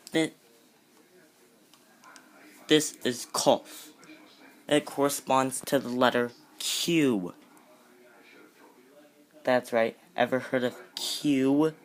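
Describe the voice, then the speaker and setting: A man walks through an alphabet lesson at a slow, easy pace. He talks casually, breaks off to correct himself and drops playful asides between points. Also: medium pitch. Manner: unhurried, self-correcting, with jokey asides. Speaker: amateur teacher.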